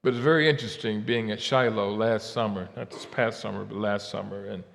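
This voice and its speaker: A man from Ohio giving a keynote faith talk, swinging from quiet asides to shouted, drawn-out declarations. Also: on the low side, steady tone, vocal fry, a little hiss or hum. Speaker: keynote speaker. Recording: long hall reverb.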